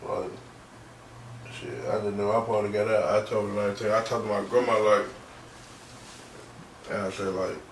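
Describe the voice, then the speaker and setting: A young man in a podcast interview, telling a personal story in a halting, slangy, subdued way. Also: fairly low pitch, level tone, distant mic. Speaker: podcast guest. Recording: roomy, off-mic, faint background noise.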